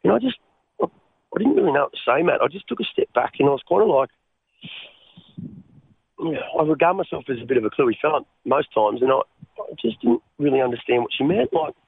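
An Australian man telling his life story as a radio guest, halting and repeating words as he speaks. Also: fairly high pitch, big pitch swings, creaky, slightly rough, no room sound. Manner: halting, repeats words, calls the host mate. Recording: tinny phone line.

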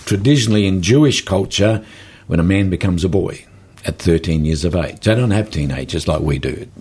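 A man with an Australian accent, a guest author telling folksy stories in an animated way during an interview. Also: sits low, a little fast. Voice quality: gravelly, husky. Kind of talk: storytelling interview talk.

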